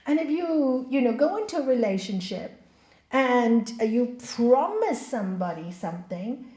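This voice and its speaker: A woman giving a spiritual talk as a yoga teacher, telling stories in an animated, emphatic way and acting out the people she quotes. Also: high-pitched, moderate pace. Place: hall. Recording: echoey hall.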